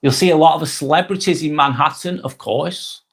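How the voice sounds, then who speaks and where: This middle-aged host from England, speaking with a Lancashire accent, has a slightly high voice with vocal fry and talks fairly quickly. On his casual live stream he chats amiably, repeating himself and drifting off mid-thought as he reads viewer comments.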